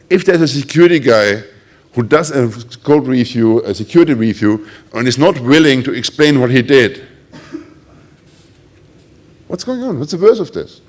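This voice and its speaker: A middle-aged man speaking English with a German accent gives a conference talk. His pitch sits right in the middle for a man. He tells ironic stories and acts out other people's lines. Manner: animated, ironic storytelling with acted quotes.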